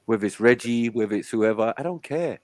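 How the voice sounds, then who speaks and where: A man's voice: mid-range voice, expressive, brisk, a little mellow, dry recording. A man with a British accent hosting a live casual chat, blunt and slangy. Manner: blunt, slangy, talks over others.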